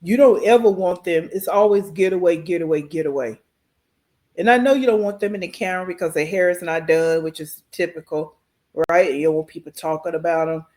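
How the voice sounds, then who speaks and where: A woman hosting a reaction channel, giving blunt, emphatic commentary as she pauses a clip. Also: on the low side, darkish tone.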